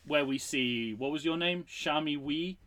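A man co-hosting a casual podcast, telling a story pitch with animated energy and acting out the lines. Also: a little slow. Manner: animated storyteller, acts out quotes. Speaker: podcast co-host.

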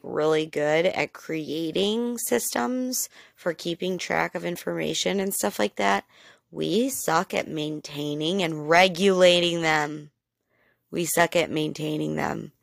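Low, gravelly-voiced woman podcaster. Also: no room sound. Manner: candid, chatty, self-deprecating, explanatory. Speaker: podcast host. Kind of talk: casual educational podcast.

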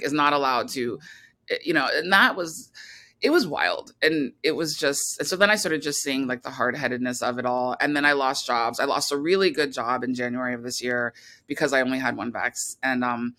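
A woman's voice: low voice, sharp tone. A woman filmmaker talking casually as an interview guest, rambling with many restarts and fillers.

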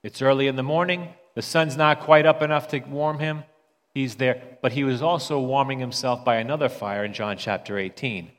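A man's voice: medium pitch, normal speed, fairly bright tone, big-room sound. A man preaching a sermon in a conversational way, often stumbling and repeating words as he restarts.

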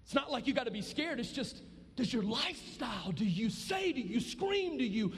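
A young man, preaching a testimony sermon and swinging from loud shouts to hushed low tones. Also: big pitch swings, moderate pace, husky. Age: 20s. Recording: long reverb of a large hall.

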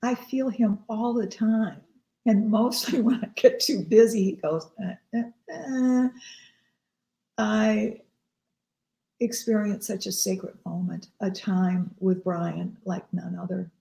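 Earnest, slow-speaking woman minister in an echoey room. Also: medium pitch, fairly even intonation, creaky, mellow. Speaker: minister and show host. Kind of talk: heartfelt personal storytelling. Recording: roomy echo.

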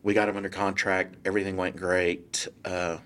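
Man telling a lively story. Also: deep voice, normal speed. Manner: animated, acts out quotes in different voices. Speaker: guest real estate broker. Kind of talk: casual storytelling.

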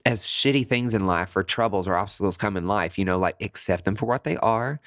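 Animated low-voiced man telling a story. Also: a little fast, no room sound, studio quality. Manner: animated, chatty, swears freely, jumps high in pitch for emphasis. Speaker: podcast host. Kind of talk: casual solo storytelling.

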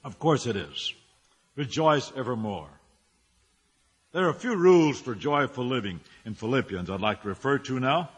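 A man's voice: mid-range voice, sing-song, moderate pace, breathy edge, in a large hall. A male pastor preaching a sermon, firing rhetorical questions and building his phrases up with emphasis.

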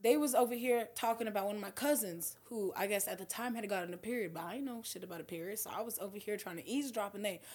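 A young woman co-hosting a podcast, chatting casually and telling a profane, animated story. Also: mid-range voice, fast talker, hardly any pauses. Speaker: podcast co-host. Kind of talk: crude casual chat, comic storytelling.

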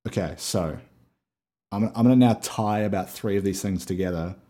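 A man's voice: on the low side, moderate pace, mellow. A man co-hosting a podcast over a video call, chatting casually, swearing freely and laughing often. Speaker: podcast co-host.

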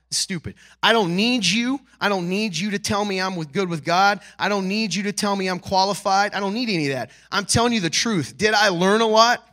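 A man preaching a sermon as a pastor, talking conversationally and often checking in with "right?" and "okay?", then building to emphatic, louder peaks. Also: sits high.

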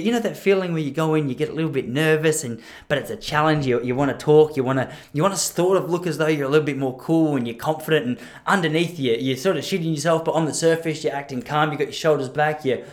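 A man in his thirties, talking casually and rambling as a podcast host, joking at his own expense and laughing at his own lines. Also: a little high. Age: 30s. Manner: chatty, self-mocking, laughs at own jokes.

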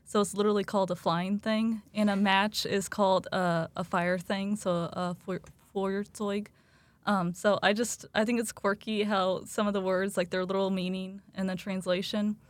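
A woman's voice: mid-range voice, level tone, normal speed, dry recording. A young woman, a student of German, talking casually on a student panel, chatty and sprinkling in "like.". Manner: chatty, laughs between points, many "like" fillers.

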